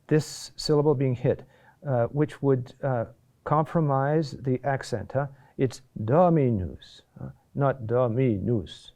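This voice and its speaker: A man teaching a lesson on chant rhythm, pausing often with fillers and restarts and checking in with a quick "huh?". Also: mid-range voice, dark tone. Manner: halting, many fillers and restarts, asks "huh?".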